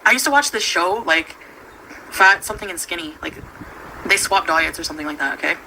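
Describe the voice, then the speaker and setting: A woman's voice: on the low side, expressive, a little fast, bright, forceful tone. Rambling giggly woman on a noisy stream. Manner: chatty, giggly, trails off mid-sentence. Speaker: livestream host. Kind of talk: casual rambling chat.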